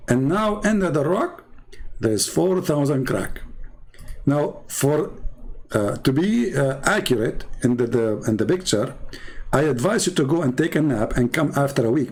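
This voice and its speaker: Gravelly, husky man mocking while drawing. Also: medium pitch, darkish tone. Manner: sarcastic, halting, many fillers and restarts. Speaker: commentator.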